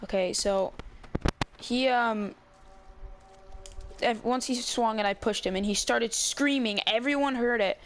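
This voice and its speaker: A man's voice: very high voice, unhurried, pauses often, a bit bright. A male YouTuber telling a storytime vlog in a rambling, casual way, full of restarts and swearing. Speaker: YouTube gamer channel host.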